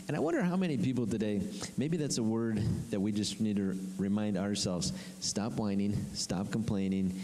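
A man's voice: fairly low pitch, animated, dark tone. Man preaching in a reverberant hall. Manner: emphatic, repetitive preaching with dramatic pauses and drops to a whisper. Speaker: pastor. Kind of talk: sermon.

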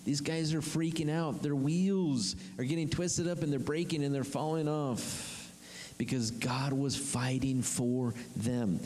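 A man preaching a sermon, emphatic and repetitive, with dramatic pauses and sudden drops to a whisper. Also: medium pitch, fairly even intonation, darkish tone, long reverb tail. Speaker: pastor.

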